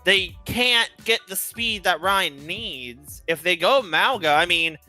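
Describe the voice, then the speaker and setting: A man casting a live esports match, breaking down picks and bans, with lots of fillers and quick bursts of talk. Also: high-pitched, animated, sharp tone, soft background music. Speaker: esports caster.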